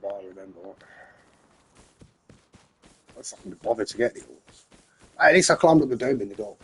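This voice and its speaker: A man's voice: medium pitch, lively intonation, normal speed, a bit bright, slight background noise. An English man giving rambling, chatty commentary while playing a game, talking to himself and his in-game horse. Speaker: gamer, channel host. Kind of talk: casual gameplay commentary.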